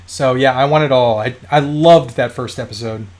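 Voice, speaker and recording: A man's voice: mid-range voice, moderate pace, a little mellow. A man in his thirties hosting a toy collecting live stream, telling stories in a rambling, casual way with many fillers and restarts.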